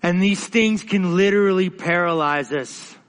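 Man, pastor, sermon, passionate, unhurried delivery, long echo. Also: sits high, fairly bright tone. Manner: passionate, halting with frequent restarts.

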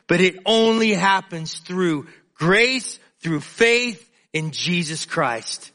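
Slow, forceful male preacher. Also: high-pitched, animated. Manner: earnest, emphatic, repeats words while building points. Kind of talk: sermon.

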